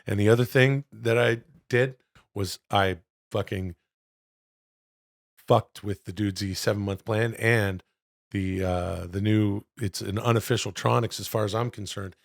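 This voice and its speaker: A middle-aged man co-hosting a podcast, telling loud, profane stories with bursts of excitement. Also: on the low side, a little slow, vocal fry, no echo, studio quality. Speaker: podcast co-host. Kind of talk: casual podcast chat.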